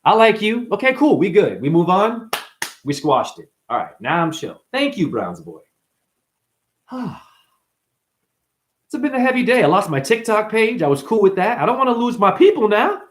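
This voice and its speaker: Livestream host, man, high voice with big swings; impassioned, defensive, then conciliatory. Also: big pitch swings, normal speed, long pauses. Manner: passionate, defensive, swinging between agitated and conciliatory. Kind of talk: heated livestream chat reading comments.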